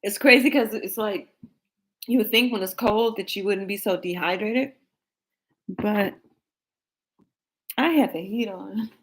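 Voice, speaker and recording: A woman's voice: medium pitch, measured pace, long pauses, a bit bright, rough recording. A woman in her later years, hosting a tarot livestream and chatting loosely with her viewers. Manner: chatty, rambling, laughs often, talks to viewers. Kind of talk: casual livestream chat.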